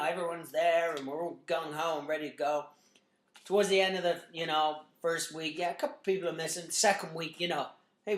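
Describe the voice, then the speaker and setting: A man in his thirties, a gym owner and trainer, giving a blunt, energetic motivational talk to a group full of "you know" fillers. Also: a little high. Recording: echoey room.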